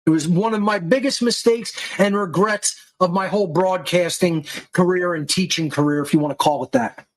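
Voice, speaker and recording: A man's voice: high-pitched, moderate pace, low-quality recording. A male podcast host giving an angry, aggressive monologue full of profanity and insults.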